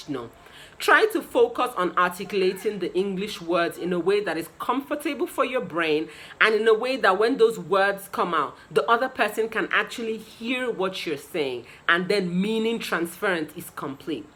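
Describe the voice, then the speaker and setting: A woman in her thirties with a Nigerian accent, giving an articulate, explanatory English lesson straight to camera, with emphatic rises in pitch. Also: very animated, moderate pace, a bit bright, a little hiss or hum, poor audio. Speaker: English teacher.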